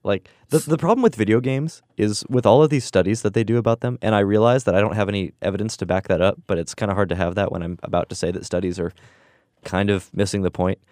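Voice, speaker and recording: Low-voiced young man musing casually. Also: fast, darkish tone, dry recording, clean studio sound. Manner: rambling, musing, often laughs. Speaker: podcast co-host. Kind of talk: casual discussion.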